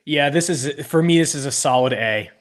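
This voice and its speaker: A man's voice: medium pitch, moderate pace. A young man co-hosting a casual podcast, laid-back and joking, often trailing off mid-sentence. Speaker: podcast co-host. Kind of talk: casual chat ranking party foods.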